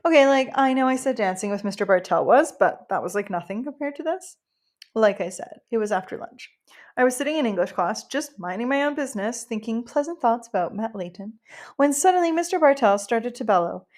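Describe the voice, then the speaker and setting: A woman narrating a first-person novel as an audiobook in an emotional, heartfelt, expressive way. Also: a little high, a little fast.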